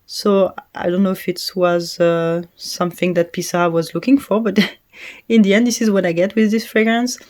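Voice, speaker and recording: A woman's voice: on the low side, steady tone, moderate pace, darkish tone. A woman with a French accent, a native French speaker, giving a casual, chatty perfume review with frequent hesitations and little laughs. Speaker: fragrance reviewer.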